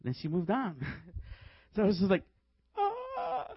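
A man from Chicago, a guest preacher, tells his testimony in a sermon with animated storytelling and frequent laughs. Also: high-pitched, brisk, slightly rough, no echo. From Chicago, USA. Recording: dull dry recording.

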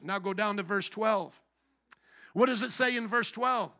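A man's voice: high-pitched, a little slow, sharp tone. A man preaching a sermon as pastor, putting emphatic rhetorical questions to his congregation.

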